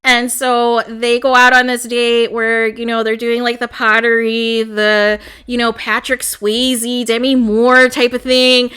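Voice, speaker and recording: A young woman giving casual, animated reaction commentary on a reality show, exclaiming and laughing as she talks. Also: a little high, a little slow, few pauses, clean tone.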